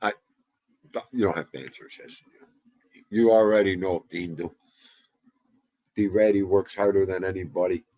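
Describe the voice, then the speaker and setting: A man's voice: low voice, steady tone, moderate pace, long pauses, dark tone, no echo. A man in his fifties hosting a casual livestream, greeting viewers one by one and joking around. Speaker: livestream host. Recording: dull lo-fi livestream audio.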